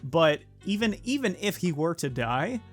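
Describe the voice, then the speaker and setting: A man co-hosting a casual podcast, relaxed and full of fillers like "like" and "man". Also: fairly high pitch. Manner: relaxed, filler-heavy, drawn-out. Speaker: podcast co-host. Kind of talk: casual podcast review chat. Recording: lo-fi music bed underneath.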